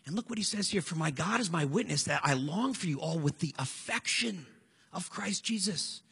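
A man in his forties delivers a sermon in an easy, conversational manner, earnest when he presses a point. His voice sits high and moves a lot. It is gravelly and husky, with a bright, forceful edge. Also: expressive, moderate pace. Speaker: pastor.

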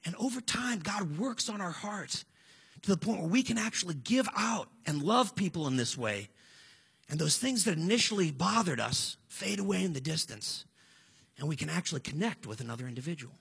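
A man in his forties delivers a sermon in an easy, conversational manner, earnest when he presses a point. His voice sits high and moves a lot. It is gravelly and husky, with a bright, forceful edge. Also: animated, moderate pace. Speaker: pastor.

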